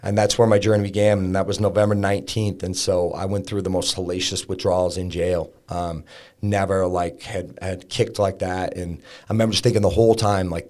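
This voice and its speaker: Low-voiced man telling his story. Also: fairly even intonation, moderate pace, a little mellow. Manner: candid, conversational storytelling with many fillers and restarts. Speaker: podcast guest. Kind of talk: personal story in a podcast interview.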